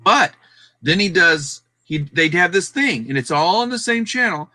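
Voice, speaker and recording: A man telling stories in a casual online hangout, animated and chatty. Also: high voice, moderate pace, no room sound. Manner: animated storyteller. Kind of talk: casual chat.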